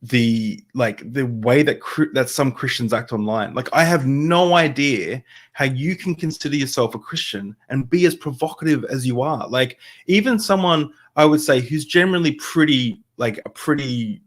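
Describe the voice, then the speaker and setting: A man's voice: medium pitch, normal speed, few pauses. A male guest in casual chat, rambling with many fillers, his voice rising as he gets going. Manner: rambling, many fillers, voice rises when excited.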